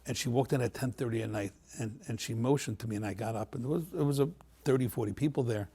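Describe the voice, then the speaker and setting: A man telling a heartfelt personal story on a panel, animated and repeating phrases as he acts out the people in it. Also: mid-range voice, fast, slightly rough. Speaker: panel guest.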